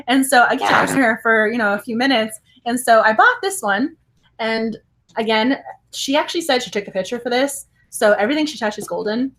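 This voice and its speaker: A woman chatting casually in a book vlog, excitable and giggly, rambling and correcting herself as she tells stories. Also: fairly high pitch, brisk. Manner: giggly and excitable, laughs often; rambling, self-correcting storytelling. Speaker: book vlogger. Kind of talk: casual chat.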